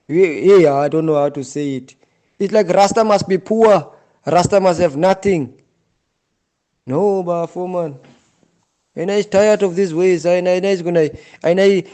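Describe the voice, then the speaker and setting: Insistent South African man, high and mellow. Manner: repetitive, insistent, often addresses the listener as "Bafo". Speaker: Rasta community member. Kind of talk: impassioned monologue.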